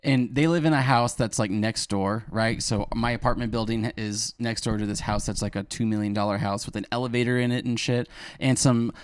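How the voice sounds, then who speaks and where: A man's voice: mid-range voice, fairly quick, clean tone, no echo. A man co-hosting a casual podcast, telling stories animatedly and acting out voices. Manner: animated storyteller, acts out voices. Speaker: podcast co-host. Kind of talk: casual chat.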